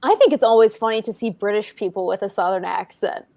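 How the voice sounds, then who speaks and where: A woman's voice: medium pitch, fast talker, vocal fry, mellow. A female co-host in a casual online chat, talking enthusiastically and giggling. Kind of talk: casual live-stream chat.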